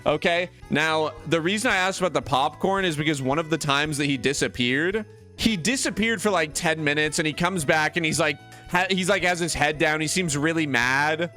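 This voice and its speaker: Animated young man telling a story. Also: on the high side, normal speed, soft background music. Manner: animated, many "like" fillers, acts out other voices. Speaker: streamer. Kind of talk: casual storytelling.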